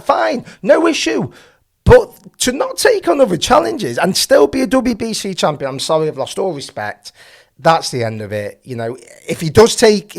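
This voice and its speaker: A man hosting a boxing channel, giving passionate, opinionated commentary full of rhetorical questions. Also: fairly high pitch.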